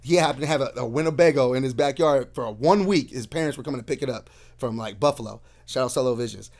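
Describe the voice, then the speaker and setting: A man's voice: mid-range voice, fast. A man from Arizona, a podcast guest telling stories in casual chat, acting out what people said and calling everyone "bro". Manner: animated storyteller, acts out quotes, says "bro" constantly.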